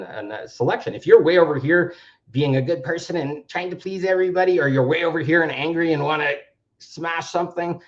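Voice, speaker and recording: A man's voice: medium pitch, a little mellow. Earnest guy talking self-help, acts out quotes, kinda muffled lo-fi sound. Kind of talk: reflective self-help talk. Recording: dull lo-fi sound.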